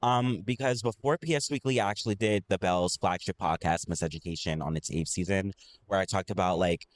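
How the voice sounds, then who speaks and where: A man's voice: low voice, brisk, slight background noise. A young man in his late teens, a student reporter speaking earnestly at a live event, with frequent filler words. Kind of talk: reflective talk at a live event. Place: library event hall, live audience.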